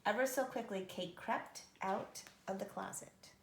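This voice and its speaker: Woman, children's story reader, gravelly voice, echoey room. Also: mid-range voice, a little slow, a little hiss or hum. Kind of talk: reading a children's story aloud.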